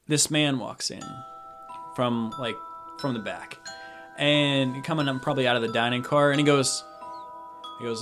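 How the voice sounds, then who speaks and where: A young man narrates a tabletop game as game master. He describes each scene in a loose, rambling way, padding it with fillers. Clear music plays behind his voice. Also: mid-range voice, normal speed, pauses often.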